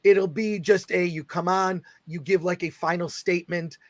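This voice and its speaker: A middle-aged man hosting a casual livestream chat, excitably reading viewer comments aloud. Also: high-pitched, moderate pace, dry recording. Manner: excitable, reads viewer super chats aloud. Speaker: host.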